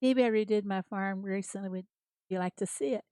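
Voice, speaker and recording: Fairly quick and smooth, her medium-pitched voice is mellow and recorded dry. While streaming a farming game, the American woman casually talks with viewers, greeting them by name and laughing a lot.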